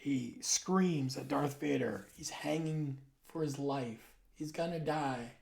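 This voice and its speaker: Man in his forties, gravelly, rambling casual talk, drops to soft asides. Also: medium pitch, takes it slowly. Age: 40s. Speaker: video host. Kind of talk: casual monologue.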